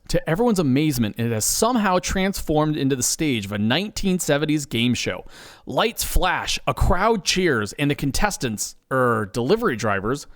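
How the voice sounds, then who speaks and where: A man narrating a comic tale about pizza drivers. His voice sits a little high and moves a lot, with a playful, animated delivery. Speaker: storyteller. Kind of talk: comedic scripted narration.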